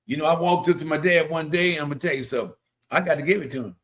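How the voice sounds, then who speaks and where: A man's voice: fairly high pitch, very fast, a bit bright. A man hosting a casual motivational talk, earnest and preachy, who often repeats himself. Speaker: host.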